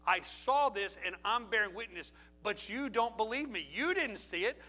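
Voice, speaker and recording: A middle-aged man preaching a sermon, emphatic, with rhetorical questions and voice that drops low and quiet at personal moments. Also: expressive, moderate pace. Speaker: pastor.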